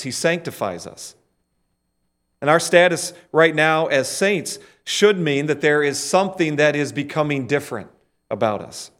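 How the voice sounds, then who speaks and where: A man's voice: medium pitch, a bit bright. A middle-aged man preaching a sermon and leading the congregation in call-and-response. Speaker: pastor.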